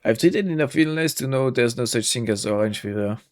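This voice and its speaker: A man's voice: medium pitch, brisk, dry recording, studio quality. Joking man narrating a game playthrough. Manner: chatty, joking, reads dialogue aloud. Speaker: gaming YouTuber. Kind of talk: casual let's-play commentary.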